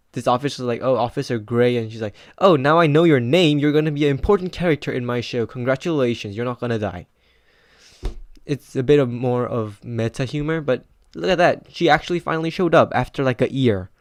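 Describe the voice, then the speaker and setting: A man's voice: mid-range voice, dry recording, studio quality. A teenage boy casually reviewing a comic book, rambling with lots of "like" and restarts. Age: teens. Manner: rambling, filler-heavy with frequent "like".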